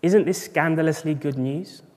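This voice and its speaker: In a large church hall with long reverb, a man preaches a sermon at a morning service. His voice is slightly high and a little mellow, moving at normal speed, and his rhetorical delivery comes with bursts of emphasis.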